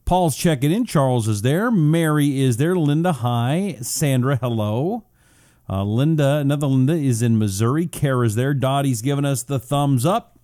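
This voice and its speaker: A man's voice: mid-range voice, moderate pace, mellow, no echo, clean studio sound. A man from Washington State hosting a talk show, chatting loosely, greeting listeners and drawing out words for effect. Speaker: radio talk show host. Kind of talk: casual talk show monologue, reading out audience messages.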